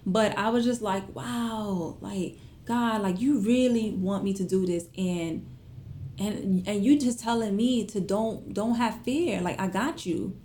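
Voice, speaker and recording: Animated chatty woman telling a story. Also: medium pitch, a little slow, slight background noise. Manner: animated, expressive, chatty with lots of fillers. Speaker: vlogger. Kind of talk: casual storytelling to viewers.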